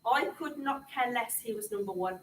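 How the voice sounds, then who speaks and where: A woman's voice: on the high side, normal speed, fairly bright tone, slight background noise. A middle-aged woman telling her story to young people in an impassioned public talk. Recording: echoey room, speaker far from the mic.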